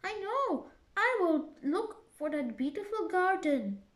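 A woman voicing Alice, an earnest, puzzled young girl, in a bright, emphatic girlish voice for a storybook reading. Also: very high voice, sing-song, slow, reverberant, pitched above the performer's own voice, exaggerated voice.

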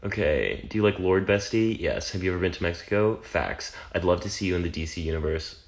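A man's voice: deep voice, brisk. A man with an American accent, reading fan comments aloud on a phone livestream and answering them in a wry, teasing way. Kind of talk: casual livestream Q&A.

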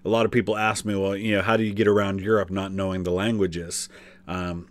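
A man's voice: deep voice, flat delivery, a little fast. A man hosting a reaction video, chatting casually with lots of fillers and restarts as he explains things. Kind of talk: casual commentary.

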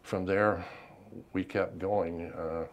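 Older male veteran interviewee, very low voice, measured reflective delivery. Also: steady tone. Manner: unhurried, reflective, many ums and pauses. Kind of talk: oral history interview.

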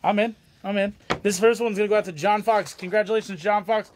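A man's voice: high voice, fairly even intonation, fast talker, slight background noise. Joking man hosting a live signing. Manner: laughs often, joking. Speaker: host of autograph signing stream. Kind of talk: casual chat.

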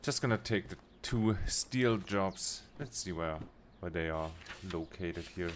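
In a low, unhurried voice carrying a slight hiss or hum, a young man plays a train game on stream. He plans his jobs under his breath, casually muttering and making small restarts.

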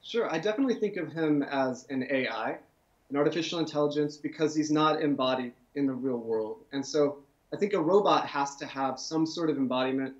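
A man's voice: on the high side, brisk. A man, an author, answering an interview question in a thoughtful, casual way with restarts and fillers. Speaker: author guest. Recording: dull lo-fi sound.

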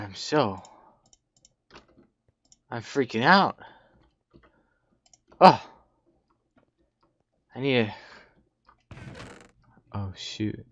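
A young man giving jumpy, excitable commentary while playing a Minecraft survival match, talking to himself and often yelping in panic. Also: lowish voice, slight background noise. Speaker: gaming YouTuber. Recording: slightly dull lo-fi audio.

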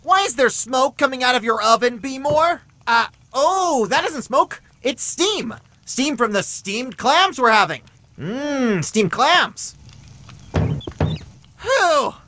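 A man's voice: extremely high pitch, big pitch swings, takes it slowly, pushed and bright, dry recording, voice pushed up, exaggerated voice. A man voicing a manic triangle dream demon who has possessed people, in a gleeful, mocking fan comedy dub. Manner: gleeful, mocking, over-the-top.

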